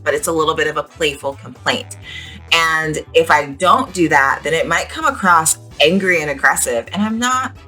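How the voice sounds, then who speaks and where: A young woman giving a casual English lesson outdoors at the beach, chatty and animated, with frequent "like"s. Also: low voice. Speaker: English teacher.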